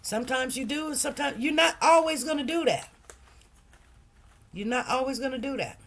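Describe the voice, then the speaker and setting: A woman's voice: high voice, expressive, normal speed. Emphatic middle-aged woman chatting live. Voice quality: emphatic, preachy storyteller. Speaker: livestream host. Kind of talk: casual livestream chat.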